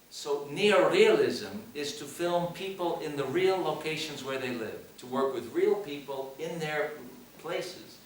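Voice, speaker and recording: An American film director answers questions after a screening in a cinema hall, speaking emphatically with repeated phrases and rhetorical questions. His voice is a little high and slow. The echoey hall makes him sound far off, with faint noise.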